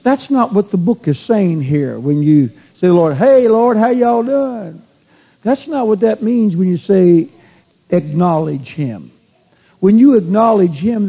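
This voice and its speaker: A man's voice: high voice, dark tone, slightly rough, poor audio. A middle-aged man, preaching a sermon as a pastor in a folksy storytelling way that builds to fervent exhortation.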